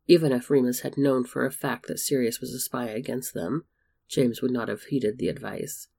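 A man narrating a story in a steady, measured reading voice. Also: medium pitch, gravelly. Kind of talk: storybook fan fiction reading.

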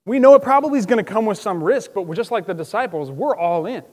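Male pastor, high voice, chatty sermon delivery with dramatic acted-out quotes, long church-hall reverb. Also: fast. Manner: lively, conversational, acts out quotes with loud bursts.

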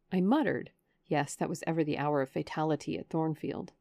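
Low-voiced woman reading a classic novel. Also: creaky, no echo, clean studio sound. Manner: measured, expressive reading. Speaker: audiobook narrator. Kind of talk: scripted narration of a classic novel. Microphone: USB studio microphone.

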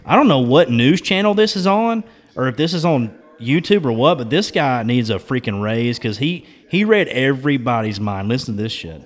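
A man's voice: mid-range voice, animated, normal speed, in a large hall, faint music behind. A man hosting a casual podcast chat, ranting and swearing in outrage. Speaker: podcast host.

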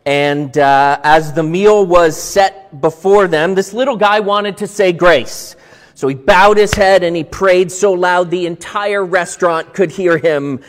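A male pastor with a notably high voice gives a chatty, upbeat sermon. His voice rings out in a church sanctuary with a long reverb tail. Each point is framed as a story for the congregation. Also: a little slow.

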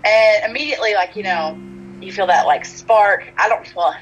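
In a casual chat, a woman with a Texan accent tells a personal story, chatty and packed with "like" fillers and animated quoted dialogue. Her medium-pitched voice goes at normal speed, with the highs cut off and a little hiss or hum.

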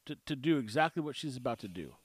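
A man's voice: mid-range voice, expressive, fast, breathy edge, dry recording. A man hosting a podcast, giving blunt, sarcastic casual commentary on a clip he plays. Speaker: podcast host.

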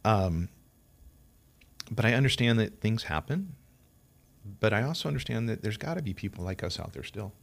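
A man's voice: lowish voice, lively intonation, normal speed, gravelly, pauses often. A man being interviewed about his marriage, speaking earnestly and laughing often. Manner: earnest, sentimental, laughs a lot. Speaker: guest, café co-owner. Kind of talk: casual interview chat.

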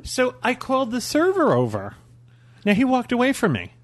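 A man's voice: extremely high pitch, normal speed, no room sound. A man on a podcast telling a story in casual chat, acting out what people said. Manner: animated storytelling, acting out quoted lines. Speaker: podcast co-host.

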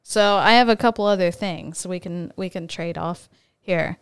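A young woman chatting on a podcast in a relaxed, filler-heavy way. Her voice sits on the low side and comes through very clean and crisp. The sound is dry and close, with no room around it. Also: moderate pace, no echo. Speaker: podcast co-host. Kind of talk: casual chat, reading quotes.

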